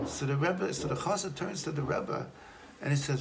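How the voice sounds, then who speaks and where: Gravelly rabbi telling a story. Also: male voice, fairly high pitch, background noise. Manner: storytelling, slows for emphasis. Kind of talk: Torah talk on prayer.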